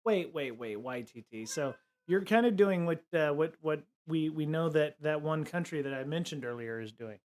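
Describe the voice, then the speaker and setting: A man's voice: on the high side, lively intonation, moderate pace, hardly any pauses. A man hosts a casual live stream, thinking aloud and wandering from point to point. His voice sits a little above the usual male range. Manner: musing, rambling, thinks aloud. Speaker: live-stream podcast host.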